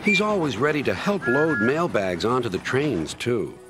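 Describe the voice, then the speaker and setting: A man's voice: medium pitch, sing-song, moderate pace. Storytelling man over music. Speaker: narrator. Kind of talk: storybook narration. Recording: narration over clear music.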